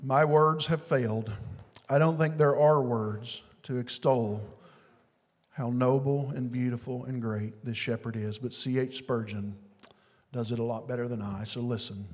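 A man preaching a sermon, swinging from booming declarations to hushed, drawn-out phrases. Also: steady tone, in a large hall. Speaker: pastor.

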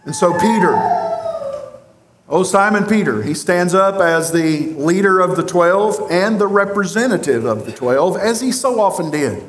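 A man with a fairly high voice preaches a sermon slowly and deliberately. He presses his points with rhetorical questions and pauses. The sound is roomy and echoey, as in a church sanctuary. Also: animated. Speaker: pastor. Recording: roomy echo.

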